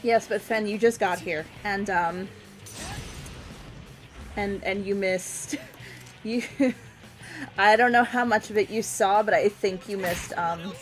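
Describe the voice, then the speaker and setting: A woman's voice: medium pitch, slow, long pauses, soft background music. A woman co-hosting a game stream in casual chat, laughing often and hard. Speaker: streamer co-host. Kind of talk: casual chat over gameplay.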